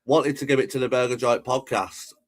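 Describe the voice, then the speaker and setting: A man from England hosting a casual livestream, reading viewer comments aloud, giving shout-outs and swearing freely. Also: mid-range voice, fairly even intonation, a little fast. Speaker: livestream host.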